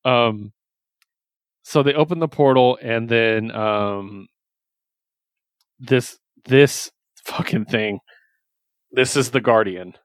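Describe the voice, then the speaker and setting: A man's voice: mid-range voice, slow, long pauses, no echo. A man hosting a casual podcast, recapping comic books with loose, enthusiastic chatter and the odd swear. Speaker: podcast host reviewing comics. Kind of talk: casual chat.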